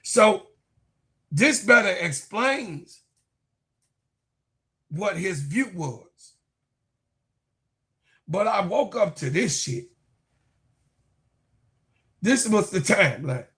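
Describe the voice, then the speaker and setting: Fifties male sports vlogger, high voice, loose profane rant. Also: drawn-out words, long pauses. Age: 50s. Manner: animated, profane, keeps repeating "you know what I'm saying". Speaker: sports YouTube commentator. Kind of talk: casual rant to viewers.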